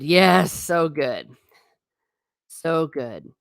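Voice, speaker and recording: Woman host, lowish voice, dry sound, lively chatty reader of comments. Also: moderate pace, no echo. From Ireland. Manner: chatty, animated, breaks into silly singing. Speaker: livestream host. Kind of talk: casual chat reading viewer comments.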